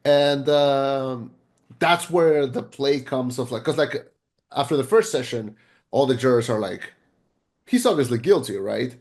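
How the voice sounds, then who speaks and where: Man, podcast co-host, casual film review chat, excitable, rambling, swears now and then, mid-pitched voice. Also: measured pace.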